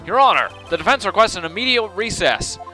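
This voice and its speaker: A man's voice: high voice, big pitch swings, quick pace, pushed and bright, soft background music, voice pushed up, full character voice, rough recording. A man reading the lines of an earnest young male defense lawyer in a game, urgent and emphatic.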